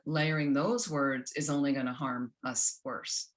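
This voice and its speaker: A woman teaching a self-compassion workshop, gentle and instructional, often checking in with the group. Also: extremely low pitch, fairly even intonation, a little slow, hardly any pauses. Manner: gentle, keeps checking in with "okay?".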